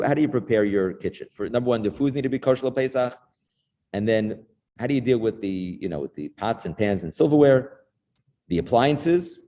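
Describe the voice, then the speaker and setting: A man's voice: lowish voice, warm tone. A middle-aged man with a New York accent giving an informal class as a rabbi, chatty and storytelling, with frequent restarts.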